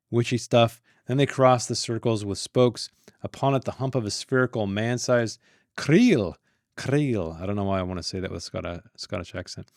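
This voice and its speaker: A man reads a novel aloud in a fairly low voice, recorded dry and close. He keeps stopping for chatty, joking asides and stumbles over words as he goes, like someone reading along with friends. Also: no echo. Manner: reads passages then breaks off into rambling, joking asides; stumbles and restarts words often. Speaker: book channel host reading aloud. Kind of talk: casual read-along with commentary.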